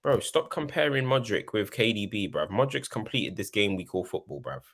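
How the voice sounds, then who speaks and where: Deep guy chatting football, slangy, chill but pushy about his take. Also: animated, moderate pace, fairly bright tone. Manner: laid-back slang, emphatic, hedging with asides. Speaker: football pundit co-host. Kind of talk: casual football chat.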